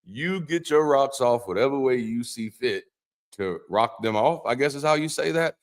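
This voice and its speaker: In an animated, medium-pitched voice at normal speed, an ex-pastor hosts a casual Bible study livestream. He jokes, curses, and wanders into asides, repeating words and restarting frequently.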